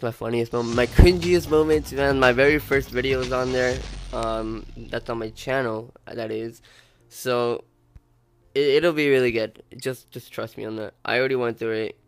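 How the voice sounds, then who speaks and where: A young man with a cold, casually commentating a racing game and cursing at his rivals and his phone. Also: medium pitch. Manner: swearing, animated outbursts at the game. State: sick, congested. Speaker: gaming YouTuber. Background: faint background music.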